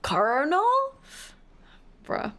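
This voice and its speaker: A woman's voice: high-pitched, huge pitch swings, extremely slow, fairly bright tone. A woman streamer commenting on a game playthrough, giggling and squealing in mock despair while reading the game text aloud.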